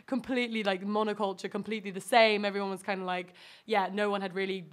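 A woman's voice: mid-range voice, flat delivery, quick pace. A woman from Norway, a podcast guest, telling stories about her childhood in a chatty way, full of fillers. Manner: chatty storytelling with frequent fillers. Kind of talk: casual chat.

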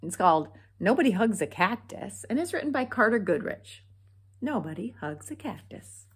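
A woman reading a children's picture book aloud, expressive and pointing out the pictures. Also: mid-range voice, moderate pace, breathy edge. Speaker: storybook reader.

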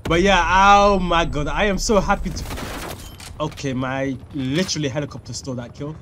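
Excitable young man commentating gameplay. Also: a little high, moderate pace, background noise. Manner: excitable, swings to shouting at kills; crude trash talk. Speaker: gaming YouTuber. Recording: faint music and gunfire behind. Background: game music and gunfire.

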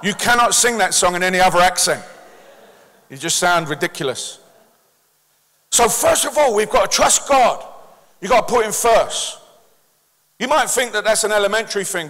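Cockney male pastor, high bright voice, lively call-and-response sermon, echoey church. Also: normal speed. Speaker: senior pastor. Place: church hall with a congregation.

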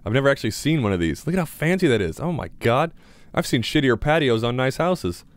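A man's voice: mid-range voice, big pitch swings, fast talker, dry recording. A young man giving casual gameplay commentary as a gaming YouTuber, chatty and mildly sarcastic as he talks to himself.

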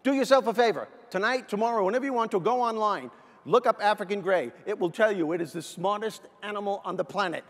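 A man giving a humorous motivational keynote, telling stories in an animated, energetic way in a large hall. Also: high voice, fast talker. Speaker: motivational speaker. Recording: long hall reverb.

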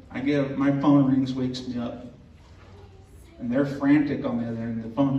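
A man telling a true ghost story to an audience in an earnest, unhurried way, with religious language. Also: medium pitch, little pitch movement, darkish tone, a little hiss or hum. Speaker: host telling a personal story. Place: indoor event room. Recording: roomy, distant, dull recording with faint ambience.

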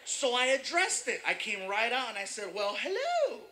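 A man doing stand-up comedy, telling an animated story and shouting some punchlines. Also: extremely high pitch, normal speed, a little hiss or hum.

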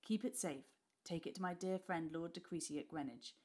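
Woman reading as a scared grave father, lowered urgent voice, quiet and soft. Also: normal speed, close to an everyday voice. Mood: urgent hushed. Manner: urgent, hushed, trembling. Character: frightened Tudor father, grave and weary.

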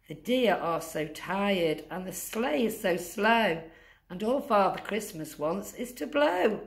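A woman reading a rhyming picture book aloud to children, rhythmic and deliberate, dropping low on the sound-effect words. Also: lively intonation, gravelly. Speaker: masked guest reader.

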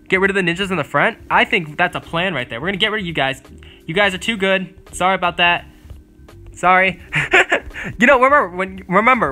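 A teenage boy giving casual, excitable gameplay commentary, chatting and teasing his opponent as he plays. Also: sits high. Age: teens. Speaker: gaming video creator.

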